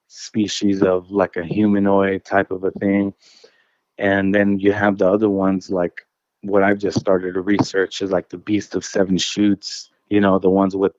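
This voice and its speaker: A man's voice: on the low side, darkish tone, no room sound, lo-fi sound. A man casually telling a personal encounter story as a guest. He rambles, restarts his phrases and keeps saying dude and bro.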